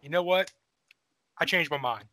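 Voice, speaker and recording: A man's voice: on the high side, normal speed, pushed and bright. A man co-hosting a casual sports podcast, teasing his partner and laughing often. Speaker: podcast co-host. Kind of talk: casual chat.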